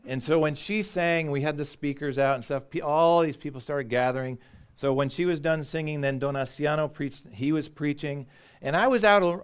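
American man preaching a story-driven sermon. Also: mid-range voice. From United States. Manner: conversational, animated storytelling with laughs.

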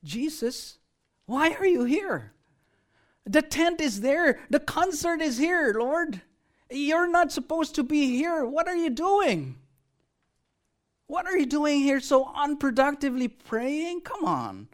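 A preacher acting out an excited male apostle urging his teacher to come to the crowds, in a raised, urgent, pleading voice. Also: high voice, takes it slowly, pitched above the performer's own voice, full character voice. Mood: eager urging.

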